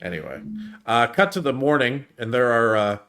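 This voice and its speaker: A man in a casual review chat, walking through a movie plot with lots of "uh" and "like". His voice sits at an ordinary middle pitch. He rambles along in a loose, chatty way. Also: very animated, normal speed, a bit bright. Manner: rambling recap with many fillers. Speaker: podcast co-host recapping the film.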